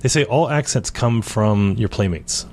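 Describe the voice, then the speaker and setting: A man's voice: lowish voice, a little slow, a little mellow, a little hiss or hum. A man from Central Maryland co-hosting a casual podcast chat at a kitchen table, rambling and talkative. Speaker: co-host.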